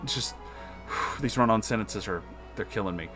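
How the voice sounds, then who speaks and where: A man's voice: lowish voice, normal speed, over music. A young man reading fan fiction aloud with sarcastic, mumbled asides and casual swearing. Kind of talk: comedic dramatic reading with commentary.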